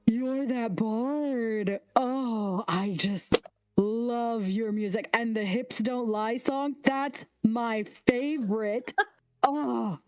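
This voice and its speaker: A flustered frog-folk king who gushes and gasps over his guests, as a woman puts him on. He talks high and slow, and the recording is dry and close with faint music under it. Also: smooth, no echo. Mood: starstruck. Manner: gushing, theatrical, gasping.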